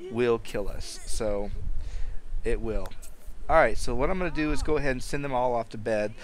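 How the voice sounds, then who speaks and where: A man giving casual gameplay commentary on a life-sim game, talking to his characters and laughing often. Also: medium pitch. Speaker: let's play host. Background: game music.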